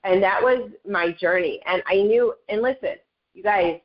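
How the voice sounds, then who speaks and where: A woman's voice: mid-range voice, measured pace, muffled recording. A woman sharing her story in a casual motivational talk on a group call, chatty and earnest, often speaking to listeners as "you guys". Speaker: network marketing leader sharing her story.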